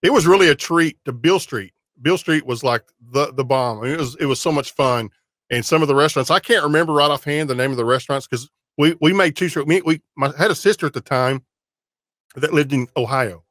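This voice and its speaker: A man's voice: a little high, fast talker, fairly bright tone, no echo, studio quality. A man from Texas hosting a casual interview, friendly and restarting his words as he talks. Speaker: podcast host.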